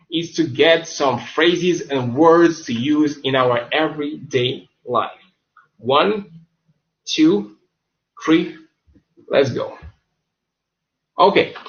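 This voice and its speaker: Male tutor, fairly high voice, casual webinar delivery, dull lo-fi sound. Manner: chatty, loose, self-correcting, says the same word several times over. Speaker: online English teacher. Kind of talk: webinar lesson on slang.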